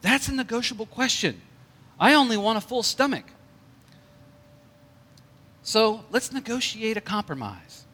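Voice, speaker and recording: A man voicing a calm, persuasive talking bear in a soothing, gentle voice. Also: high-pitched, brisk, few pauses, big-room sound, voice pushed up, heavily acted. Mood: pleased.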